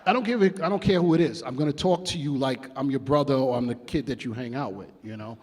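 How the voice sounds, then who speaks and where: Quick-paced, with a medium pitch and a darkish tone, a New York music producer tells interview stories that are blunt and full of swearing, acting out the quotes along the way.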